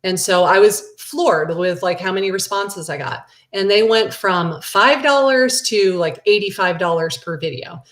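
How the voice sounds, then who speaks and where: A middle-aged woman, a real estate agent, teaching a casual live class and answering viewer questions in a chatty, animated way. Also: a little slow, few pauses. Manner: chatty and animated, with big excited jumps in pitch.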